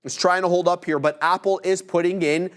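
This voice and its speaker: A man with a slightly raised voice walks through his stock charts on a live stream. He explains his reasoning patiently and stresses waiting for confirmation before he enters a trade. His tone stays measured and steady as he talks. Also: sits high. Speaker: co-host trading live. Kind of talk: live market commentary.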